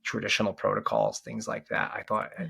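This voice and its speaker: A man with a gravelly, creaky voice talks through a story as a podcast guest. He rambles, restarts his sentences and keeps checking in with the listener. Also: low voice, big pitch swings, brisk, sharp tone. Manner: rambling, with many restarts and "right?". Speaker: podcast guest, change coach. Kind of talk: casual storytelling in an interview.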